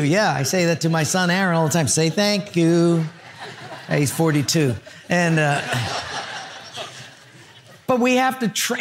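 An older male pastor preaching a sermon, telling stories with lively character voices. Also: on the high side, a little hiss or hum. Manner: storytelling with animated character voices.

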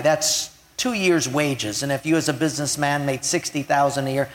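A man preaching a sermon, retelling a scripture story and swinging between loud emphasis and hushed lines. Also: a little high. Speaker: pastor.

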